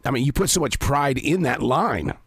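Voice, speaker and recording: A man's voice: medium pitch, animated, moderate pace, a bit bright, husky, no room sound. A man hosting an interview and asking chatty, enthusiastic questions. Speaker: interviewer host.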